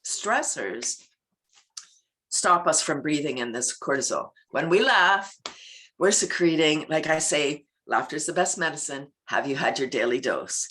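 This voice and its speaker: A middle-aged woman, a laughter club founder and guest, chatting casually in an animated way, acting out little scenes and breaking into laughter. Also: a little slow. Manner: animated, acts out scenes with sudden high-pitched voices and bursts of laughter. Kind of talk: casual interview chat.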